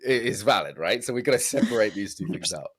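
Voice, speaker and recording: A man's voice: on the low side, animated, quick pace, a bit bright, husky, no echo. A British man hosting a podcast, asking questions in a joking, self-deprecating way. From Britain. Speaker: podcast host. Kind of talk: casual interview chat.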